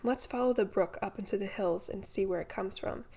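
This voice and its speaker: A woman voicing an idle, playful young man with a lazy, joking manner, in a gravelly voice. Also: mid-range voice, brisk, darkish tone.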